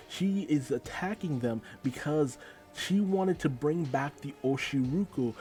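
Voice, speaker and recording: A man giving a casual manga chapter recap in a loose, animated way, laughing and swearing. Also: on the high side, normal speed, soft background music. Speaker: manga reviewer.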